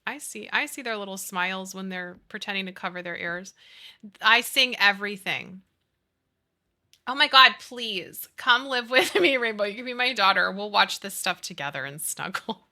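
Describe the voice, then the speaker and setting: A woman's voice: medium pitch, moderate pace, pushed and bright. A woman in her thirties chatting casually on a game stream, gushing and giggly as she talks to her chat. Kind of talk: casual chat with chat while gaming.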